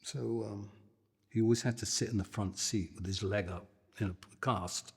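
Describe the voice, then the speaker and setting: An older man, a guitarist, telling a lively anecdote and acting out the people in it. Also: lowish voice, normal speed, gravelly, breathy edge, long reverb tail. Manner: animated, acts out the people in his story. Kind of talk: anecdotal storytelling.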